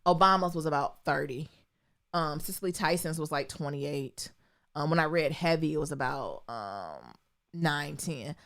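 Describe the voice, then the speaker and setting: A woman co-host with a fairly low voice that swings widely in pitch. She talks in a loose, slangy, animated way, laughing often as she tells stories. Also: moderate pace. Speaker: podcast co-host. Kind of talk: casual chat.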